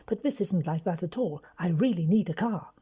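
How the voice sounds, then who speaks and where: A woman doing a brisk, bossy young lady. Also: lowish voice, animated, warm tone, slightly rough. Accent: English. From London. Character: bold young aristocratic woman schemer.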